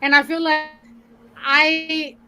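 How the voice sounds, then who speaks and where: High, bright, blunt-talking woman. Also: little pitch movement, slow pace, rough recording. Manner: blunt and frank, swears freely. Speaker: podcast co-host. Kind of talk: casual chat.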